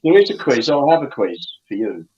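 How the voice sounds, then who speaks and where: A man's voice: mid-range voice, big pitch swings, brisk, a little mellow, breathy edge, lo-fi sound. A man bantering and telling jokes as a guest on a live video call chat. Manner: joking, playful banter. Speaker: panel guest.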